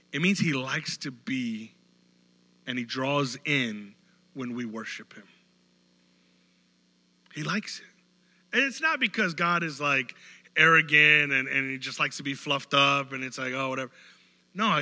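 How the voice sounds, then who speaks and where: A man preaching a casual, joking sermon, acting out quick bits of dialogue. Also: on the high side, big-room sound. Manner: animated, jokey, acts out quick voices. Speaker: pastor.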